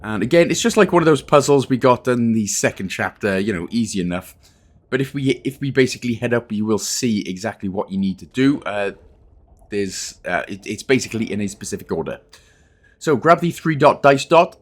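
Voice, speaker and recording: Chatty man with a lively voice. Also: on the low side, brisk. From Wales. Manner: chatty and self-deprecating, with jokey asides. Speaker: gaming guide host. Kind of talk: casual game walkthrough commentary.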